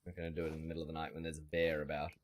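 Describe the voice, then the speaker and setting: A man's voice: very deep voice, monotone, racing. A man streaming a survival game, rambling in a wry way and chatting with his viewers. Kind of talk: casual gameplay commentary.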